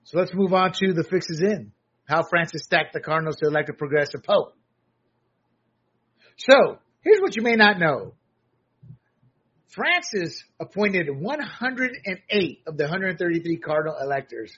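A man's voice: a little high, lively intonation, normal speed, fairly bright tone, slightly rough, lo-fi sound. An American man giving blunt, sarcastic solo commentary, often restarting his sentences. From United States.

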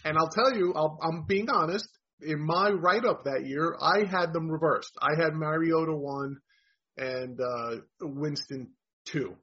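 A man's voice: on the high side, a little slow, bright, forceful tone, husky. A man talking fantasy football analysis in a frank, emphatic way. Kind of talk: casual sports talk. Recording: dull lo-fi audio.

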